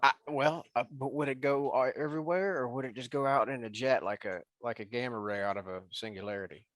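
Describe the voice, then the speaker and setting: A man's voice: medium pitch, a little fast, fairly bright tone. A man playing a tabletop game, asking curious questions with restarts and stumbles. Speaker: player. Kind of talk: casual chat.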